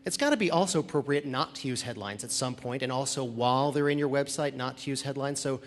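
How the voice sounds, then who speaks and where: A man's voice: medium pitch, fast, slight background noise. Guy asking a question from the crowd, keeps restarting, echoey hall sound. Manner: hesitant, restarting phrases. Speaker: audience member asking a question. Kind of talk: question from the audience.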